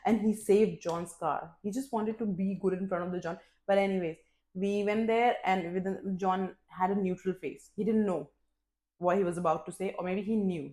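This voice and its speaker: A woman vlogger telling a personal story in a candid, expressive, casual way, swearing freely and poking fun at herself. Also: mid-range voice. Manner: candid and expressive, with frequent swearing and self-mocking humor. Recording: roomy echo.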